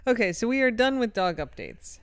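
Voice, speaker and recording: Woman podcast cohost, middle-aged, smooth clear voice, laughs a lot, dry close mic. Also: a little high, a little fast, no room sound. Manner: animated, laughs often, swears casually. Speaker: podcast co-host. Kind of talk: casual chat and reading a listener letter.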